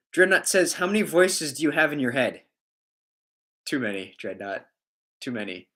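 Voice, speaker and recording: A man's voice: mid-range voice, big pitch swings, unhurried, long pauses, pushed and bright. Rambling, joking male livestream host. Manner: rambling, joking, laughs often. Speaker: livestream host reading viewer chat. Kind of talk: casual livestream chat.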